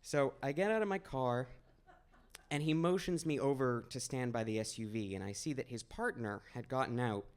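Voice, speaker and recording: A man's voice: medium pitch, normal speed, smooth. A young man from Maine telling a personal story at a live storytelling event, in a conversational, wry, self-deprecating way. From Maine, USA. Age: 20s. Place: small stage at a storytelling event.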